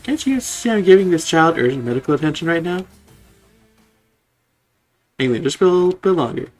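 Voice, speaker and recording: A man voicing a kind male healer Digimon, reading game dialogue aloud in a polite, hurried way. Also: fairly high pitch, expressive, soft background music, lightly acted. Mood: caring.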